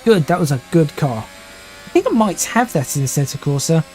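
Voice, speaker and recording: Young man, slightly high voice, live sim racing commentary, thinks aloud and restarts sentences, faint music behind. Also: sing-song, brisk, darkish tone. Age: 20s.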